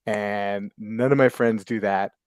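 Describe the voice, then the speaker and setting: Rambling low-voiced American podcast host. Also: male voice, steady tone, takes it slowly, dry recording, clean studio sound. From United States. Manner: rambling, frequent fillers and restarts, reading out chat names. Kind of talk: casual livestream chat.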